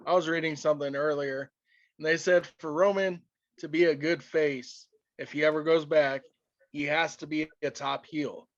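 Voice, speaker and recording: Man with a higher voice on dull, dry audio. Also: steady tone, dry recording. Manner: halting, restarting openings. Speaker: podcast co-host. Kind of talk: casual chat.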